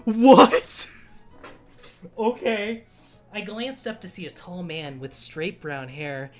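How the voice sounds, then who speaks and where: A man co-hosting a stream, reading fanfiction aloud with slow, laughing, dramatic delivery. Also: sits high, animated, faint music behind. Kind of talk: casual comedic reading commentary.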